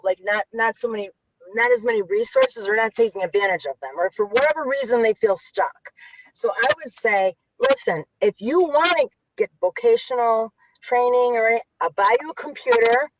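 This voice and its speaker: A woman's voice: mid-range voice, dry recording. Blunt, swearing Chicago woman. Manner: blunt, swears freely, many restarts. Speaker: author and youth interventionist. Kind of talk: candid interview talk. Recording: dull lo-fi audio.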